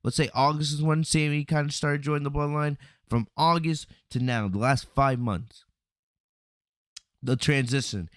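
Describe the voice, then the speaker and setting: A man hosting a podcast, recapping a wrestling event in a casual, animated storytelling way, often asking "right?" and acting out lines. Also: on the high side, normal speed, no room sound, clean studio sound. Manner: animated storytelling, acts out quotes, frequent "right?" and "you know". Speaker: podcast host reviewing wrestling. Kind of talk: casual solo review commentary.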